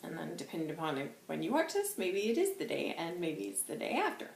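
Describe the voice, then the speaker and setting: A woman's voice: on the low side, huge pitch swings, fast talker, creaky, roomy sound. A woman hosting a casual channelled reading, chatty and rambling, with lots of "like". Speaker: host.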